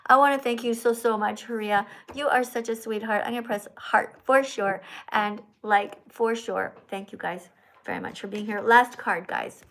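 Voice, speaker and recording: High-voiced emphatic older woman livestreaming. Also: fairly even intonation, normal speed, fairly bright tone. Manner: preachy, emphatic, bursts into singing. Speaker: livestream host reading super chats.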